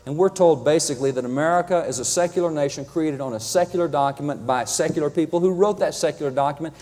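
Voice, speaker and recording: A man's voice: fairly high pitch, darkish tone. A man giving a lecture with slides, emphatic and wry, often reading quotations aloud. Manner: reads out quotations. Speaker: public speaker on history. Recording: long hall reverb.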